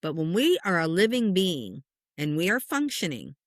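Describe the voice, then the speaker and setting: A woman who works as a spiritual medium, a guest telling stories in an earnest, passionate, animated way. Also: lowish voice, normal speed, no echo, clean studio sound. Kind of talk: conversational interview storytelling.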